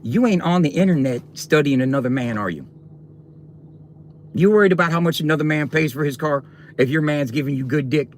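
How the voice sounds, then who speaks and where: A man's voice: on the high side, a little fast, slight background noise. A man ranting on a livestream, taunting and confronting his viewers directly in a coarse, profane way.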